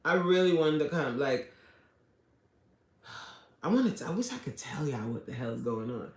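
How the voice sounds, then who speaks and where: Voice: mid-range voice, animated, normal speed. An adult livestreamer chatting casually with viewers, greeting them by name and pleading for subscribers. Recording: echoey room.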